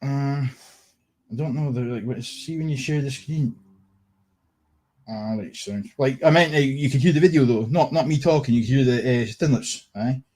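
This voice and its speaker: A man's voice: medium pitch, normal speed, a little mellow. A man with a Scottish accent doing a sweary, scornful casual rant on a live stream, laughing often. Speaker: livestream commentator.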